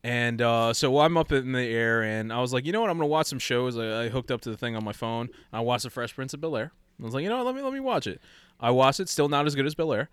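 Animated man telling a story. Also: medium pitch, quick pace, clean tone, no echo. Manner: animated, acts out quoted voices, laughs often. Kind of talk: casual storytelling chat.

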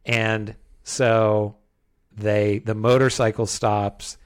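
Low-voiced man rambling about a film. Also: little pitch movement, extremely slow, clean tone. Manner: rambling, many restarts and hedges. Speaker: podcast co-host. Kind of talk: casual film review chat.

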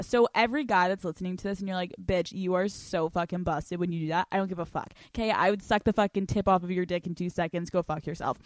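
A woman's voice: mid-range voice, no echo, studio quality. A young woman hosting a podcast, talking in a brash, profane way with lots of laughter while she reads out listener questions and answers them. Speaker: podcast host. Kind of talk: casual podcast monologue, reading listener questions.

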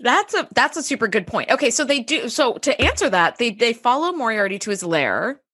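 Brisk and fairly high-pitched, this podcast co-host swings widely in pitch, her bright voice a little rough. She chats casually through a recap, animated, performing lines and laughing a lot, recorded cleanly in a studio without echo.

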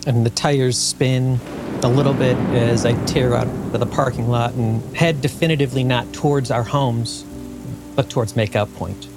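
A man's voice: medium pitch, steady tone, normal speed, over loud music. Brief: male player, easygoing narration. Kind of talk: tabletop game play.

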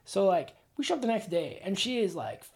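A woman telling profane, rambling stories as a podcast guest, with quick asides. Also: mid-range voice, sing-song, a little mellow, breathy edge. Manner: storytelling, profane, laughing asides. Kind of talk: casual podcast chat.

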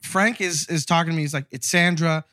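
Man in his thirties, caller, chatty storyteller, slightly high voice, very dry. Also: fairly quick, dry recording. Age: 30s. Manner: animated, laughing, acts out coworkers' lines. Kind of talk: casual storytelling.

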